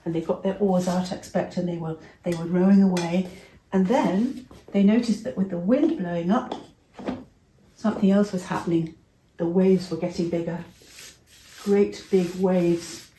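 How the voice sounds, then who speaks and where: A woman's voice: on the low side, fairly even intonation, normal speed, roomy sound, a little hiss or hum, low-quality recording. Older woman telling children a story. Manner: warm, interactive, asks children questions.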